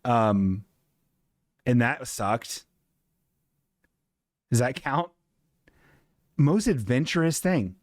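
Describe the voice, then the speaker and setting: A man's voice: medium pitch, lively intonation, extremely slow, pauses often, no echo, studio quality. A man hosting a live comedy stream, rambling loosely in casual chat, cursing freely and laughing at his own jokes.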